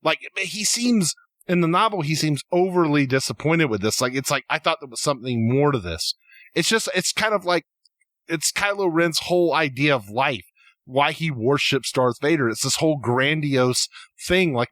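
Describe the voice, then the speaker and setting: A man's voice: on the high side, animated, fairly bright tone, no echo. A man co-hosting a podcast, talking through fan theories in casual chat, hesitant and full of restarts. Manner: halting, many restarts, speaks in tangents. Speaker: podcast co-host.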